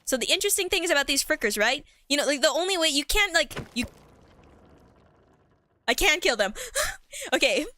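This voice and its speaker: A woman's voice: sits high, animated, rapid-fire, hardly any pauses, bright, forceful tone. A woman streamer chatting casually while playing a game, rambling and giggly, with lots of fillers.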